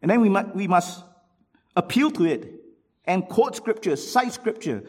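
Emphatic, husky-voiced male preacher. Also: lively intonation, a little slow. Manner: emphatic, swings from loud rhetorical questions to low asides; reads quotations aloud from books. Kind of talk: sermon.

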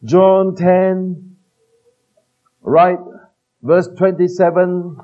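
A man preaching a sermon, earnest and emphatic, slowing down to quote scripture and trailing off softly at the ends of phrases. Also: high voice, fairly even intonation. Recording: tinny phone-like band-limited recording.

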